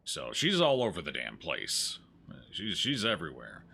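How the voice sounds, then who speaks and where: A man with a low, bright voice that moves up and down a lot talks casually over a game he is playing. He jokes, thinks aloud and reads out on-screen text, with a faint hiss behind him. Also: wildly swooping pitch, moderate pace, vocal fry. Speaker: gaming streamer. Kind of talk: casual let's-play commentary.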